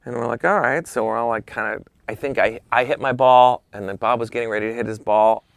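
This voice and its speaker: A man casually telling a long, animated story on a podcast, dropping into whispers for asides. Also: mid-range voice, fast, vocal fry, clean tone, dry recording.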